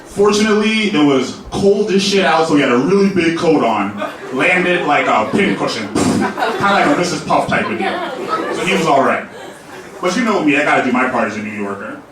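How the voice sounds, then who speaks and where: A man's voice: a little high, animated, normal speed, a crowd in the background. A young man doing a loose, profane stand-up set in a comedy club, laughing at his own jokes. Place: comedy club main room. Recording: echoey club room, mic at a distance.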